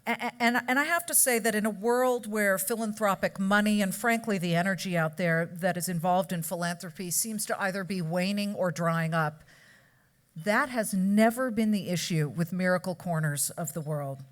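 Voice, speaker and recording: A woman's voice: mid-range voice, normal speed. A woman from California giving a chatty award speech at a charity gala, with joking asides to the audience at a podium microphone. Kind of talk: after-dinner award speech. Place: banquet hall.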